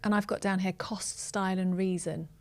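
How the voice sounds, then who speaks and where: A woman's voice: mid-range voice, steady tone, normal speed, dry recording. A woman hosting a podcast interview, asking her guest brief, encouraging questions. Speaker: podcast host.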